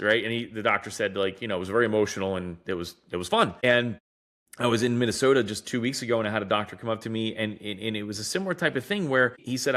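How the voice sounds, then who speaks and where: A man on a podcast casually telling patient stories, acting out what doctors said to him. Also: mid-range voice. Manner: animated storyteller acting out quoted doctors. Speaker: guest, device innovator. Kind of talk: casual storytelling in a podcast interview.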